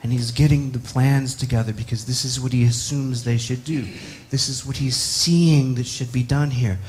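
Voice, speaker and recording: A man's voice: mid-range voice, fairly even intonation, moderate pace, a little mellow, slight background noise. A man preaching a sermon, reflective and posing many rhetorical questions to the congregation.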